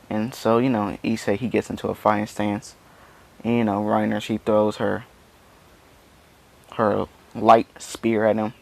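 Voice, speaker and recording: Gravelly man rambling through a story. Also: on the low side, steady tone, measured pace, long pauses. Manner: rambling, full of "you know" fillers. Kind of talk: casual fan-story retelling.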